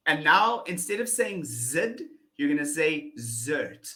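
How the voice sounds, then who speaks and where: Over a video call, a South African-accented woman gives a one-on-one pronunciation lesson, patiently repeating words and laughing frequently. She speaks slowly in a low, fairly bright voice with a sing-song lilt.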